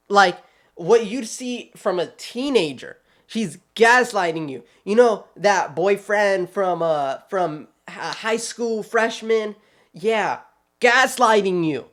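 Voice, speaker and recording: Sassy, animated man giving commentary. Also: high-pitched. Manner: animated and sassy, talks straight to people; quick, chatty, restarts often. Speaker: channel host. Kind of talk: casual video commentary.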